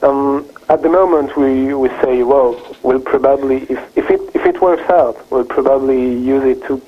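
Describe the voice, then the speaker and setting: A man speaking as a software developer guest in a phone interview, halting and full of fillers and restarts. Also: mid-range voice. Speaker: open-source driver developer guest. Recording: tinny phone line, husky.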